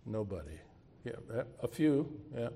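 Slow, mellow-voiced male pastor preaching. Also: mid-range voice, big pitch swings, gravelly, husky. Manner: asks the congregation rhetorical questions; closes with a spoken prayer. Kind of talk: sermon.

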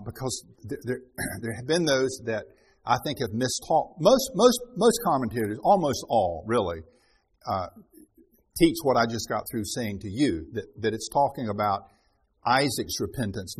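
A man's voice: medium pitch, breathy edge. A man preaching a Bible-teaching sermon, reading scripture aloud with rising emphasis and then explaining it in loose, restarting talk.

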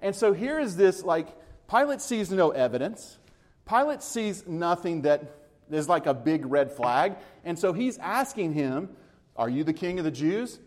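A man's voice: fairly high pitch, big pitch swings, a little slow, darkish tone. A man preaching a sermon in a conversational way, explaining scripture with everyday comparisons and acting out the dialogue. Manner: retells dialogue, acting out the speakers.

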